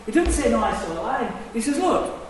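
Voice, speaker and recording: A high-voiced man delivers a sermon with lively, sweeping pitch. He drops to hushed asides and then rises to loud, emphatic declarations. The sound is distant, with long reverb in an echoey hall. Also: brisk, a little hiss or hum. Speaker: preacher.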